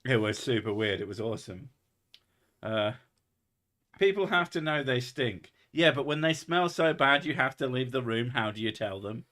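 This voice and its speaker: A man hosting a casual chat podcast, telling stories in an animated, sweary way. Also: medium pitch, moderate pace. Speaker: podcast host.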